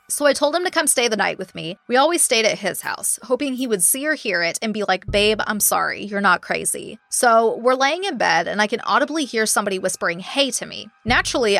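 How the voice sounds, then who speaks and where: Woman reading a listener story on her podcast, lotsa swearing, punchy, sharp tone. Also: mid-range voice, no room sound. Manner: profane, blunt and emphatic. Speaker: podcast host.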